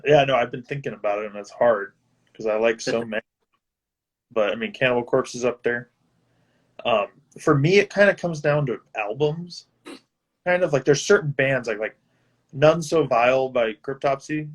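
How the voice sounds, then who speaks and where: Speaking at a moderate pace in a mid-range voice, a male guest musician, a guitarist, talks informally on a live video call. He's easygoing, laughs a lot, and swears occasionally.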